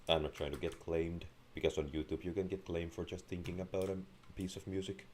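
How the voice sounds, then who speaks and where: A young man with a sore throat and a deep, raspy voice, giving deadpan gameplay commentary. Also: a little fast, few pauses, a little hiss or hum. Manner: deadpan, crude jokes. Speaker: gamer. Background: faint game music and keyboard typing.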